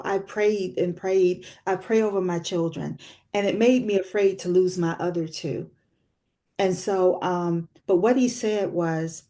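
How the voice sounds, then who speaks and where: A woman's voice: on the low side, fairly even intonation, unhurried, warm tone. A woman in her sixties, a guest author sharing a personal story in an interview, reflective and earnest. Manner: reflective, earnest, with frequent fillers. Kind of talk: personal testimony in a talk-show interview.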